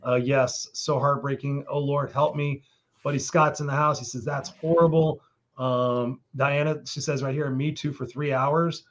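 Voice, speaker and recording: A man hosting a live interview, reacting warmly and reading viewer comments aloud, choked up at times. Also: mid-range voice, fairly even intonation, normal speed. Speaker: host of live stream.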